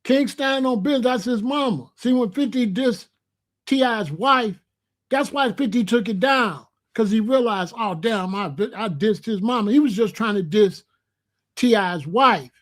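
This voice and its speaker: A man's voice: very high-pitched, a little slow. A man giving opinionated commentary in a vlog, talking emphatically, repeating himself and using slang. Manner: emphatic, repetitive, slangy, preachy. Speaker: rap commentator.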